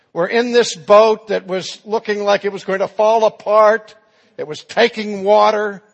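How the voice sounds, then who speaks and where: A man's voice: sits high, vocal fry, in a large hall. A man preaching a sermon, telling the story dramatically and acting out the quotes.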